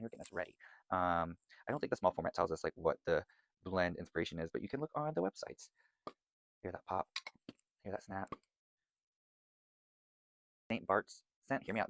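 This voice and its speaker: A chatty man talks quickly through his candle haul, rambling from one thought to the next and gushing over every scent. His voice sits a little low and never slows down for long. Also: fairly bright tone, dry recording. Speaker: vlogger reviewing candles. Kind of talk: casual product chat.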